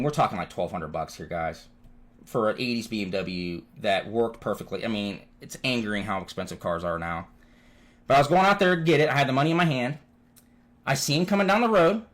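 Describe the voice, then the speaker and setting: A young man casually telling car stories to his viewers in an animated, profane way, with big swings in his voice. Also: medium pitch. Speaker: vlogger. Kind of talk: casual storytelling.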